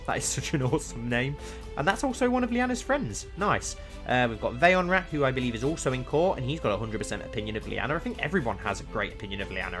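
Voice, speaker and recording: A man streaming a strategy game, chatting casually and thinking aloud as he browses characters, often breaking into excited exclamations. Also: medium pitch. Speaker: let's play streamer. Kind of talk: casual gameplay commentary.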